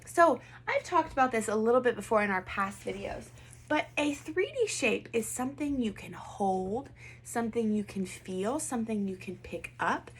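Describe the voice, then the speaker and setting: In a sing-song, fairly high voice at a moderate pace, a woman teaches first graders online, with slight background noise. She asks questions patiently and encouragingly and has the kids repeat after her.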